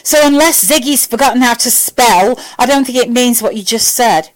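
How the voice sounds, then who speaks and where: A woman's voice: on the high side, moderate pace, voice pushed up, natural voice, low-quality recording. A woman voicing a blunt, moody admiral. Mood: exasperated. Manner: blunt, exasperated. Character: gruff male admiral hologram, blunt and moody.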